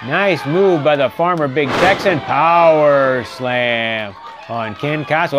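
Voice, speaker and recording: A man calling a wrestling match play by play, getting excited and shouting on the big moves. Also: on the high side, takes it slowly. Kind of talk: play-by-play commentary. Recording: live arena crowd and noise behind. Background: cheering wrestling crowd.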